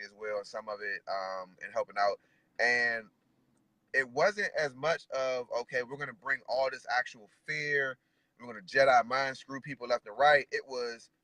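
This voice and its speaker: A man's voice: mid-range voice, sharp tone, no room sound, low-quality recording. A man, a guest dog trainer and decoy, talking casually and rambling a bit. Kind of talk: casual conversation.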